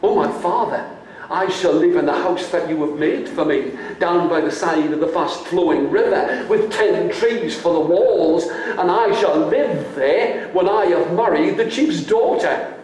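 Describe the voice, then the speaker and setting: A man voicing a calm young man from a folk tale, speaking in a measured, slightly lower voice. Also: recorded from a distance. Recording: echoey hall with faint noise.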